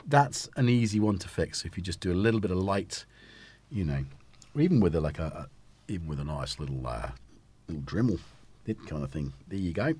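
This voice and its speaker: A man's voice: low-pitched, lively intonation, a little fast, darkish tone, slightly rough. A man hosting a casual live stream, talking in a rambling, self-interrupting way while he fits synth modules into a case. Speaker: host.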